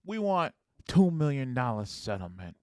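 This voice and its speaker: A man playing a pushy courtroom lawyer, grilling a witness, pointed questions, smooth clear voice, dry close sound. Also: mid-range voice, sing-song, normal speed, a little mellow, no room sound, close to an everyday voice. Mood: pressing. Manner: pointed, interrogating. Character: pushy male lawyer cross-examining a witness.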